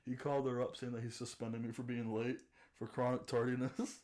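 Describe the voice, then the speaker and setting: A man's voice: mid-range voice, flat delivery, brisk, darkish tone. A young man as a podcast guest, chatting casually with blunt, crude remarks while telling a school story. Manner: crude, laughing, blunt reactions. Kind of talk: casual chat.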